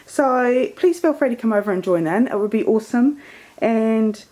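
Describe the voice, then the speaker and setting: A woman's voice: fairly high pitch, expressive, normal speed, dark tone. A woman chatting through her scrapbook page in a casual, meandering way. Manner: chatty and meandering, many fillers. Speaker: scrapbooking vlogger. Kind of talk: casual crafting show-and-tell.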